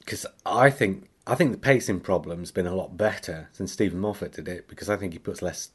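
A man's voice: sits low, brisk, slightly rough. A man hosting a casual podcast chat, reading listener emails aloud with small asides. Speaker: podcast host.

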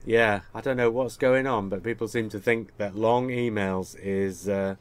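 An Australian man hosting a podcast, chatting casually and steering the talk with quick questions. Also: on the low side, fairly even intonation, smooth. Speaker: podcast host.

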